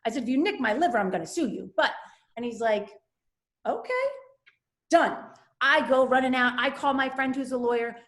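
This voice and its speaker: A middle-aged woman telling a candid personal story with animated energy, acting out the voices of people she quotes. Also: sits high, brisk, echoey room.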